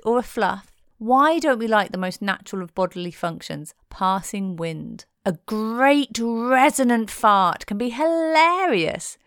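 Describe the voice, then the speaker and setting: A woman's voice: medium pitch, a bit bright, clean tone, no echo, studio quality. A woman presenting in a playful, cheeky tone, reading a scripted narration.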